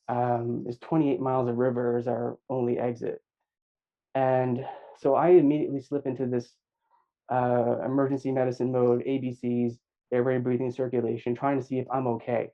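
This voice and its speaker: A middle-aged man recounting a near-death experience in an interview, reflective and halting, with many fillers and restarts. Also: mid-range voice, lo-fi sound. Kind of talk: personal account in an interview.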